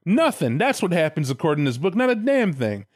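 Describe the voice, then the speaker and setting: A man spins a story in loose, profane chat, throwing himself into the telling. His voice sits a little high. The sound is dry and close, with no room around it. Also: brisk, no echo. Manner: profane, animated, acts out voices in retellings.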